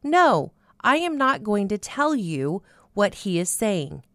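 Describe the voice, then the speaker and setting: A woman voicing her laughing female friend, who answers in a high, amused, teasing voice. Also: big pitch swings, slow, no echo, studio quality. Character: laughing, playful female friend, gently firm.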